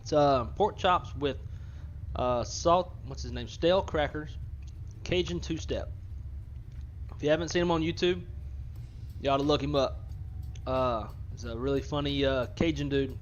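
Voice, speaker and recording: A man chatting in a relaxed, rambling way on his stream. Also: a little high, measured pace, slight background noise. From northern Louisiana. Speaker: flight sim streamer. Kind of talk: casual stream chat. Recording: dull lo-fi stream audio.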